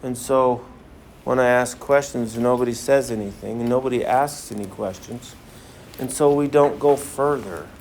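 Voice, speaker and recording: A man's voice: mid-range voice, moderate pace, darkish tone, a little hiss or hum. Man teaching a class, asking questions. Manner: asks the class many questions, jokey. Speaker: science teacher. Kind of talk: classroom lecture with demonstration.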